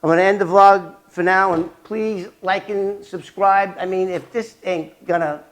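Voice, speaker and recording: An older man vlogging about his past as an informant, telling it in a rambling, animated way with restarts and fillers. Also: measured pace. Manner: animated, acts out quoted dialogue with sharp jumps in pitch and loudness. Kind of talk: casual storytelling vlog.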